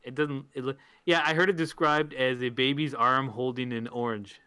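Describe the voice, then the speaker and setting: A man co-hosting a casual comedy podcast, bantering with the others in a dry, deadpan way. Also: mid-range voice, moderate pace, smooth, no echo. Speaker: podcast co-host.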